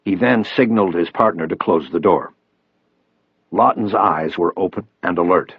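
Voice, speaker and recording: A man narrating a crime audiobook in the first person, with expressive, steady storytelling. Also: sits low, moderate pace, slightly rough, no room sound, muffled recording.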